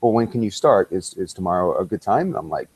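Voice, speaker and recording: Podcast guest, middle-aged man, lowish pitch, animated storyteller who quotes dialogue and laughs a lot. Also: quick pace, slightly rough, low-quality recording. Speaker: podcast guest, visual effects artist. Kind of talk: casual storytelling interview.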